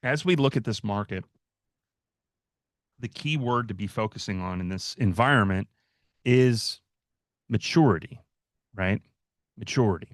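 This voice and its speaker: A man's voice: lowish voice, normal speed, pauses often, no echo, studio quality. A man hosting a livestream, giving casual market commentary as he walks through stock charts, with fillers and restarts. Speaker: market analyst host.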